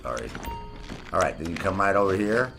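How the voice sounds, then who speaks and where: Loud music plays behind a man whose low voice swings widely in pitch and runs a little fast. As a gameplay streamer, he rambles casually and profanely about doing a heist by himself.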